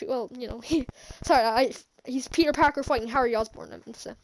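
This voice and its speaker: A woman with a slightly high voice, speaking a little fast, recaps a movie as a reviewer. It's a casual, rambling recap punctuated by frequent laughter and many restarts.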